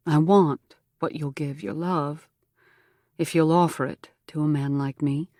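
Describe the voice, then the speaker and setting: A woman reading the part of an earnest young frontier man praying haltingly, his voice near cracking. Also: low-pitched, fairly even intonation, dark tone, no room sound, studio quality. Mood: pleading prayer. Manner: halting, heartfelt prayer. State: voice on the edge of cracking. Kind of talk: audiobook character voice.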